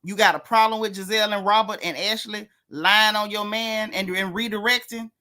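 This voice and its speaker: A woman hosts a casual gossip livestream for her channel, talking straight to her viewers in a sassy, mocking way. Her voice is medium-pitched and sharp, with fairly even intonation and a moderate pace.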